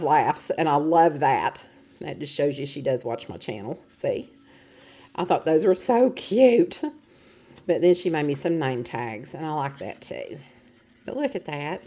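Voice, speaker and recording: A woman's voice: low voice, mellow. A middle-aged woman chatting casually to her phone camera, rambling with fillers as she shows off items. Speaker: vlogger. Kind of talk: casual show-and-tell chat.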